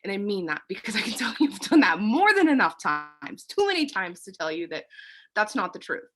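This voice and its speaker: A woman's voice: medium pitch, big pitch swings, brisk. A young woman speaks to her team in a loose, casual pep talk. She is out of breath and winded, and she keeps filling her sentences with fillers and blunt swearing. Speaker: team leader. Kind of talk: casual motivational team chat.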